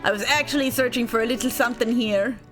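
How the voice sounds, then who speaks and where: A woman voicing a gruff older sea captain in a put-on pirate brogue while reading game dialogue aloud, over faint game music. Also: fairly high pitch, fast talker, fairly bright tone, natural voice. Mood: hearty.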